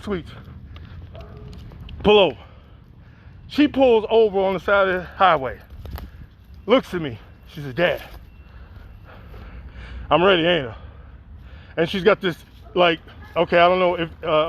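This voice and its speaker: A middle-aged man, telling a profane, animated spoken-word story and acting out the dialogue. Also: high-pitched, dull audio. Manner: acts out dialogue, rises in excitement.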